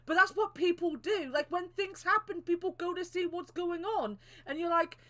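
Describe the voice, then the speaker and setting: Bright-voiced young woman, chatty. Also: extremely high pitch. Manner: swears a lot, emotional and quick to cry. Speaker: podcast co-host. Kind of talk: casual chat.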